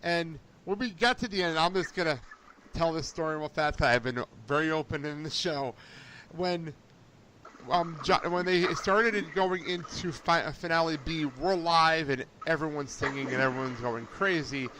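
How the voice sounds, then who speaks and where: A man's voice: on the high side, normal speed, a little hiss or hum. A man co-hosting a podcast in casual chat, telling stories with lots of laughter. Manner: animated, laughs often, excitable storytelling. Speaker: podcast co-host.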